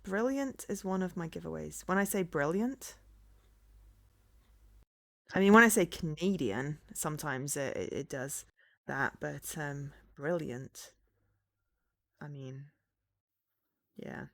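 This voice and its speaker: A woman's voice: sits low, fairly even intonation, moderate pace, creaky, a bit bright, no room sound, studio quality. A woman in her forties with a fairly neutral English accent, chatting casually on a live game stream, rambling and self-deprecating with lots of fillers and restarts. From English Midlands. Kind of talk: casual live-stream chat while gaming.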